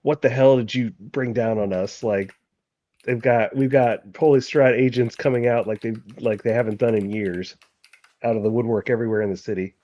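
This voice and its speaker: A man voicing an exasperated, frantic male operative in a tabletop game, loud and rushed. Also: lowish voice, no echo, highs cut off, close to an everyday voice.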